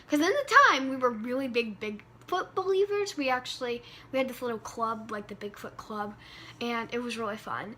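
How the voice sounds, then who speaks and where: A woman vlogger telling a story time tale with animated, dramatic delivery. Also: sits high, moderate pace.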